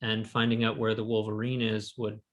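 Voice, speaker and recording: A man's voice: lowish voice, monotone, a little fast. A man playing an online party game, bluntly pushing his strategy over a video call. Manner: blunt, decisive strategy talk. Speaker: game player.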